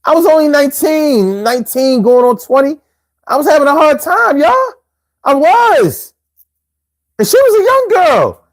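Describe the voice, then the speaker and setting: A man's voice: extremely high pitch, very animated, measured pace, long pauses. A man hosting a casual live show, telling stories in loose slang and laughing often. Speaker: show host.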